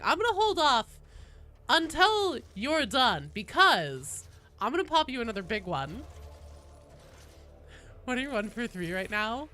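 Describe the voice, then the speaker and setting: A woman streamer with a cold, chatting excitably to her viewers during a live game stream at her desk at home, swearing and exclaiming often. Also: fairly high pitch, unhurried, pauses often. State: has a cold. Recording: noisy home stream audio.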